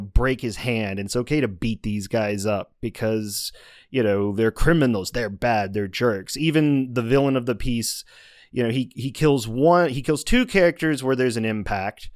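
A man's voice: mid-range voice, clear, resonant tone, no echo, clean studio sound. A man co-hosting a movie podcast, talking in a casual, rambling way with many restarts and asides. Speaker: podcast co-host reviewing movies. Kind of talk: casual chat.

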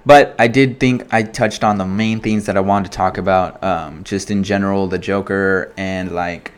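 A man hosting a casual solo commentary, talking in an animated way with lots of swearing, fillers and restarts. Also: sits low, normal speed, smooth. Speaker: podcast host.

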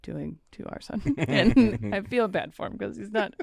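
A woman in her thirties chats casually as a podcast guest. She tells stories and acts out the quotes, and her voice has a gravelly, fry-edged texture. The recording is dry and close. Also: mid-range voice, animated, moderate pace, darkish tone, no echo. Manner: chatty storyteller, acts out quotes. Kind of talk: casual chat.

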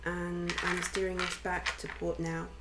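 A woman playing a gently soothing adventurer. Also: lowish voice, monotone, unhurried, reverberant, background noise, close to an everyday voice. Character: kind young woman ship-pilot adventurer.

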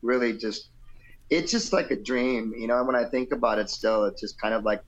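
A man's voice: mid-range voice, a little fast, lo-fi sound. A middle-aged man, a guest musician, telling a loose anecdotal story in an interview and acting out the quotes.

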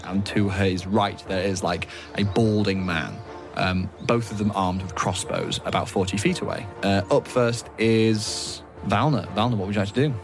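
A man narrating as game master of a tabletop game, describing scenes in a relaxed, hesitant way. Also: lowish voice.

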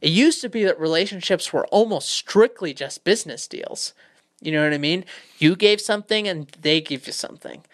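A man's voice: sits high, normal speed, a bit bright. Rambling podcast co-host man. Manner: rambling, swears freely, many fillers. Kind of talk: casual chat.

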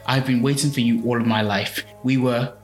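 A man's voice: medium pitch, fairly even intonation, brisk, natural voice. A lovestruck garden lady, as a man quotes her. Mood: pleading. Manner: lightly voiced quote within casual retelling. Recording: echoey room with faint music.

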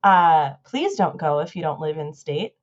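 A woman co-hosting a casual podcast, talking in excited, rambling fan rants. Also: deep voice, measured pace, muffled recording. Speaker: podcast co-host.

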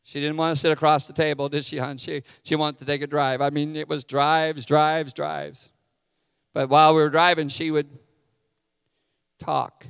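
Self-mocking pastor with a smooth voice. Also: male voice, on the high side, level tone, normal speed, fairly bright tone, studio quality. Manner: candid, self-deprecating asides. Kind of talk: sermon. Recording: long hall reverb.

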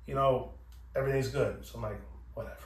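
In a steady, medium-pitched voice at a quick pace, the podcast host swears heavily while casually telling a story and voicing both parties. He's recorded distant from the mic in an echoey room.

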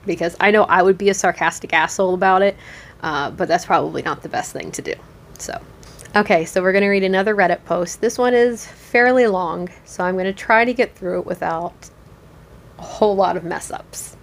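A woman's voice: on the low side, fairly quick. Chatty American woman podcast host. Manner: chatty, with frequent ums and restarts. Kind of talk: casual podcast reading Reddit posts.

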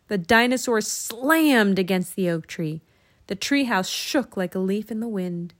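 A woman narrating a children's storybook in an expressive, lilting way. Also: mid-range voice, unhurried. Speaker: audiobook narrator.

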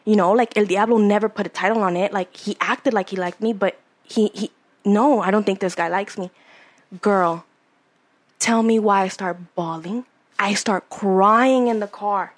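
A woman's voice: medium pitch, normal speed. A young woman in her twenties chatting casually on a podcast, candid and rambling, swearing freely as she tells a personal story. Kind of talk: casual chat.

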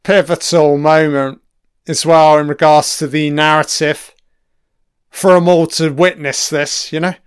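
A man's voice: a little high, level tone, measured pace, clear, resonant tone, no room sound, clean studio sound. A man giving a casual audio commentary on a film, swearing freely and rambling with trailing-off asides. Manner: profane, enthusiastic, frequent swearing.

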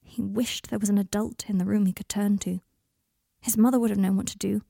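Audiobook narrator: woman, half-whispered and husky, dry close recording. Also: medium pitch, steady tone, brisk, mellow, no room sound. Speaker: story reader.

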